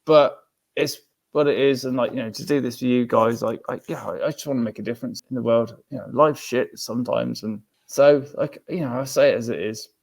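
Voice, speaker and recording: A man's voice: medium pitch, a little fast, a little mellow. A man guesting on a podcast, talking in a heartfelt, rambling way and often repeating himself. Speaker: podcast guest, football fan. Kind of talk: casual podcast chat. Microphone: remote call.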